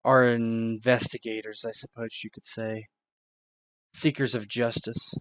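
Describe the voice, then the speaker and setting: A man voicing a weary, secretive woman who sighs as she confesses in measured tones. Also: medium pitch, flat delivery, a bit bright, slight background noise, close to an everyday voice. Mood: solemn confession. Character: secretive middle-aged woman, weary and grave.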